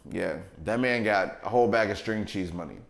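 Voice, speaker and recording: A man's voice: fairly low pitch, fairly quick, creaky. Laid-back slangy man in an echoey room. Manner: laid-back slangy banter, laughs often. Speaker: podcast co-host. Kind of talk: casual chat. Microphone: livestream mic.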